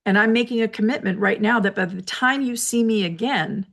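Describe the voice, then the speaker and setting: A woman hosting a reflective solo talk from her office, explaining ideas in a measured, lecturing way with personal asides. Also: mid-range voice, fairly bright tone. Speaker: host.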